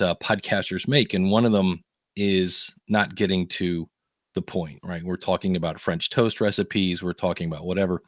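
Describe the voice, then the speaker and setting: A man with a fairly low voice chats on a podcast, telling stories with plenty of energy. He slips into quoted voices as he goes. The sound is dry and close. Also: dry recording. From United States. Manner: animated storyteller, acts out quoted voices. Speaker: podcast host. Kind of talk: casual chat.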